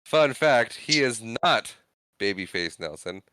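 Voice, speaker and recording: A man's voice: mid-range voice, animated, measured pace, bright, forceful tone, dry recording. A man co-hosting a podcast, chiming in with short questions and dry remarks in casual film talk. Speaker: podcast co-host.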